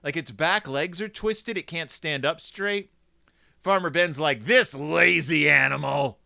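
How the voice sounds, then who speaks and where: Snarky, animated man reviewing a book. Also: fairly high pitch, measured pace. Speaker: host reviewing a children's book. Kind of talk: comedic book commentary.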